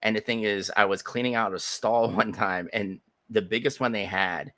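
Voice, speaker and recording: A man co-hosting a podcast, telling a story in casual chat, animated and laughing, acting out voices as he goes. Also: fairly low pitch, moderate pace. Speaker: podcast co-host.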